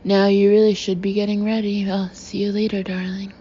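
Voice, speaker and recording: A woman voicing a confident adult husband who talks in a brisk, breezy and reassuring way, in a storybook reading. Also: medium pitch, level tone, mellow, slight background noise, close to an everyday voice. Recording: slightly muffled recording.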